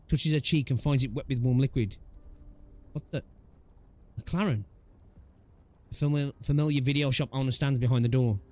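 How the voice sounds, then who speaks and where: A man's voice: mid-range voice, mellow. A man reading a game's story aloud, with casual asides between the lines. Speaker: gaming YouTuber.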